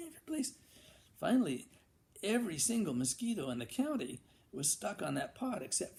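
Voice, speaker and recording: A man telling a folksy tall tale in a gravelly voice. His pitch swings widely as he acts out buzzes and bangs. He often restarts his sentences. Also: moderate pace. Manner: animated, with buzzing and banging sound effects and frequent restarts. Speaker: storyteller.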